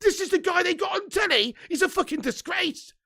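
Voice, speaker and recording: This fan channel host is furious on his live football stream, cursing nonstop while responding to the latest news. He speaks fairly quickly with lively intonation, and his unusually high male voice is bright and forceful yet grinds with strong vocal fry.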